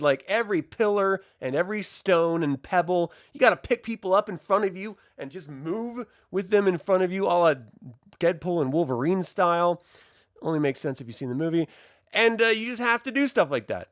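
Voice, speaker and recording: A man reviews a TV episode in a casual, rambling, jokey vlog. His fairly high voice swings widely in pitch. The sound is dry and close. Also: a bit bright, no room sound.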